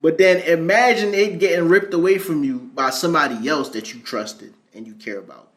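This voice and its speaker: A man with a fairly high voice comments on a clip in an animated way. He jumps from loud, raised bursts to low, quiet asides. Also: normal speed. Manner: animated, swings between loud highs and low murmurs. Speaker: reaction commentator. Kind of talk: reaction commentary.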